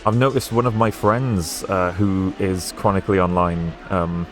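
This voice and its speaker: A man's voice: low-pitched, fairly even intonation, moderate pace, soft background music. A young man with a posh British accent, chatting casually and rambling with fillers while he plays through a racing game on stream. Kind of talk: casual gameplay stream chat.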